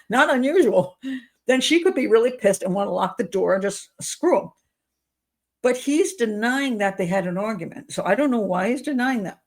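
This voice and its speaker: Woman profiler host, sarcastic, incredulous commentary, mid-pitched.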